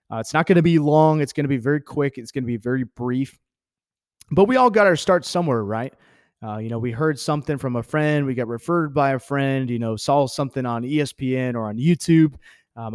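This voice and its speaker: A man's voice: medium pitch, a little mellow, clear, resonant tone, dry recording, clean studio sound. Frank young Texan man telling his story. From Texas. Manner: candid, profane, heated with laughs. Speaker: podcast host. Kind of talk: casual storytelling monologue.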